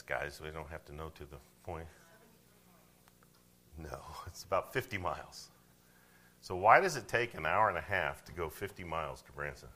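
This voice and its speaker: Pastor, low voice with a sharp forceful edge, chatty preaching that swings from loud to quiet. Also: male voice. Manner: conversational preaching, asks the congregation questions, swings from loud to hushed. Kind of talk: sermon.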